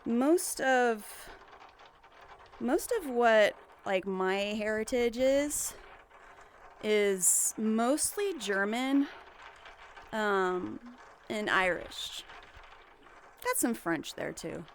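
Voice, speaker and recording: A woman's voice: on the high side, animated, extremely slow, long pauses, slight background noise. A young woman livestreaming, chatting casually and rambling with giggles and restarts.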